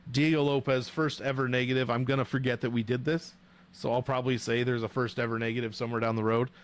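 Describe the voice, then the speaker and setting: A man's voice: medium pitch, fast talker. Joking, profane young man streaming. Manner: profane, joking, animated banter. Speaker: livestream host rating fighter nicknames. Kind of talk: casual livestream chat with viewers.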